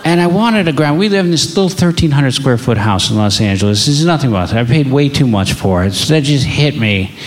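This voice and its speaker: A man's voice: medium pitch, expressive, brisk, hardly any pauses, slight background noise. A man doing stand-up as a father, telling stories in an exasperated, confessional way. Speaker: stand-up comedian. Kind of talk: stand-up comedy set.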